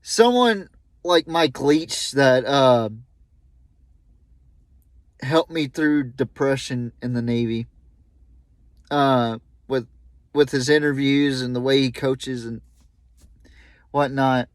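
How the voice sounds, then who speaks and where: A young man hosting a podcast, talking haltingly with many fillers and restarts, openly emotional. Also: medium pitch, steady tone, clean tone, no room sound. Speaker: podcast host. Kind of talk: solo tribute podcast talk.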